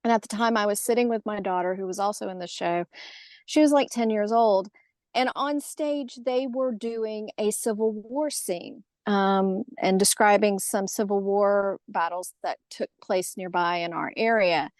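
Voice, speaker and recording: A middle-aged woman with a Southern American accent, a podcast guest telling a personal story in casual conversation, lively and acting out the voices she quotes. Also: mid-range voice, measured pace, dry recording. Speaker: podcast guest, haunted tour organizer.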